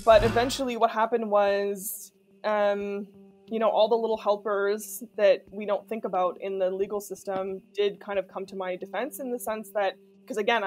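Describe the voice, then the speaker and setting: A woman's voice: medium pitch, darkish tone. A woman from Canada, talking candidly in a documentary interview in a chatty way, full of fillers. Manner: candid, chatty, many fillers like "like" and "you know". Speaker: interviewee telling of being stalked.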